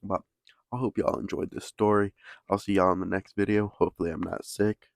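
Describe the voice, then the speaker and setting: A man's voice: sits low, flat delivery, a little fast, gravelly, dry recording. A young man casually telling a story in laid-back slang, swearing constantly.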